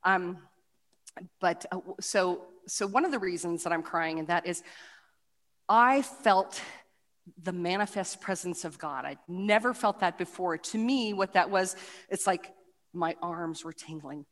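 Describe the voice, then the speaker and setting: A middle-aged woman giving a personal testimony talk with slides, animated and full of restarts and fillers, acting out the voices of people she quotes. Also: fairly low pitch, a little slow. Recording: reverberant hall.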